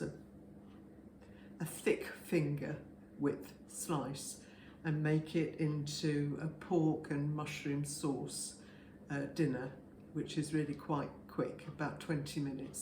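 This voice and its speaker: Woman in her seventies, from England, home cook, chatty and homely, unhurried, echoey kitchen, faint background hum. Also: low voice, darkish tone. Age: 70s. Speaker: home cook, channel host. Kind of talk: casual cooking demonstration.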